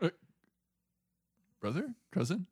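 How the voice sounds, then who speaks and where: A man's voice: high-pitched, wildly swooping pitch, takes it slowly, a little mellow, husky, no room sound, clean studio sound. A man in a casual movie chat, hesitantly correcting plot details.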